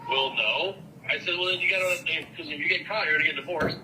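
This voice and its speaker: A man's voice: on the high side, fast, noisy background. A man chatting casually on a phone call, saying bro and right a lot.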